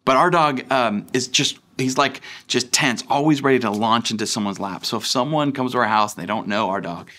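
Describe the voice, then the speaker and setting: A man's voice: medium pitch, brisk, hardly any pauses, pushed and bright. A young adult man, a pastor, giving a conversational sermon with fillers and restarts.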